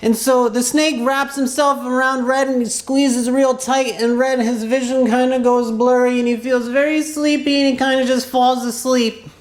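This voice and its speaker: Playful high-voiced woman telling a story. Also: little pitch movement, moderate pace, reverberant. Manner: rambling, playful, with fillers and asides. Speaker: children's storyteller in clown character. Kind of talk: improvised children's story narration.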